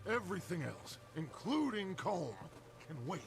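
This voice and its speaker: An actor playing a stern, commanding middle-aged gang leader, giving low, measured orders in a video game scene. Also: male voice, sing-song, gravelly, full character voice. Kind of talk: video game cutscene acting. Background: game score music.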